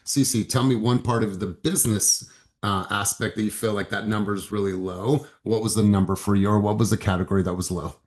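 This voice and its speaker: A man's voice: fairly low pitch, fairly even intonation, brisk, darkish tone. A man leading a group coaching session, upbeat and encouraging, calling on participants by name. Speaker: sales coach.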